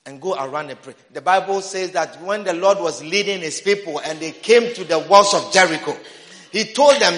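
High-voiced man preaching with a shout. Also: moderate pace. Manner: emphatic, repeating phrases, bursts into shouting. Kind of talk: sermon. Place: church sanctuary. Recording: roomy hall reverb.

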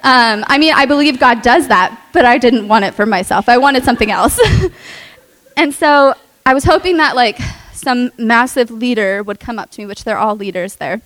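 A young adult woman telling a personal testimony in an earnest, emotional way, with many fillers and soft laughs. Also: on the high side, normal speed, dry recording, low-quality recording. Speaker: speaker sharing a testimony.

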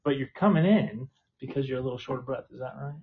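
A man working as medical staff in a hospital room, calmly asking short questions at the bedside. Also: mid-range voice, fast. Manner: calm, brief replies and questions. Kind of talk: bedside conversation. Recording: dull lo-fi recording.

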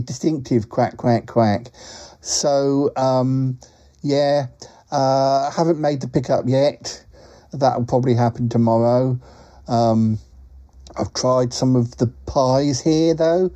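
A man's voice: medium pitch, mellow, no echo, dull audio, close to an everyday voice. A man voicing a talking duck who rambles through a comic voice message, with plenty of ums and quacks. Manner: rambling, full of ums, quacks between phrases.

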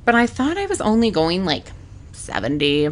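Young woman podcast cohost, chatty storyteller, voices the quotes. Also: moderate pace. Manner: animated, acts out quotes with pitch jumps. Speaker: podcast co-host. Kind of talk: casual storytelling chat.

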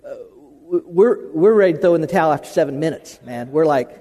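A man's voice: a little high, fast talker, dark tone, in a large hall. An American man preaching a sermon in a folksy, conversational way, repeating phrases for emphasis. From United States. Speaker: pastor.

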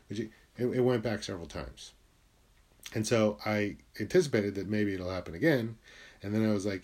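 At a normal speed, a young guy from Connecticut, USA, opens up about his life in a frank, confessional monologue. Swearing comes easily to him, and he occasionally murmurs soft asides under his breath.

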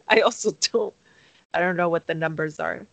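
A woman's voice: on the low side, normal speed, gravelly, no room sound, low-quality recording. A woman co-hosting a comedic movie podcast, speaking a little hesitantly with giggly asides. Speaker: podcast co-host. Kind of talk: casual comedic podcast chat.

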